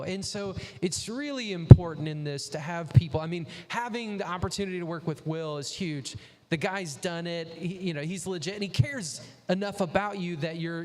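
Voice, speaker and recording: Casting: high-pitched man hosting a founder chat, advisory tone, reverberant room. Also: darkish tone. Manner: advice-giving, plays out quoted exchanges. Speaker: interviewer host. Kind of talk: casual chat.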